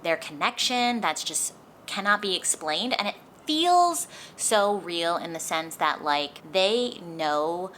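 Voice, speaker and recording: A young woman book vlogger reviews a book in a chatty way, saying "like" constantly. Her voice sits on the low side, somewhat bright, with lively intonation and an unhurried pace. Faint street traffic drifts in through an open window behind her.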